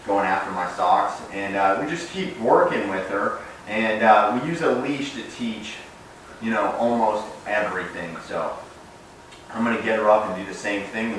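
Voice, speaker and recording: A young adult man who trains dogs casually explains puppy training as he works with the dog, his voice fairly low and relaxed, with bright, sharp commands to the puppy. This casual instructional demo was recorded in a very echoey room with a distant mic and a little hiss or hum.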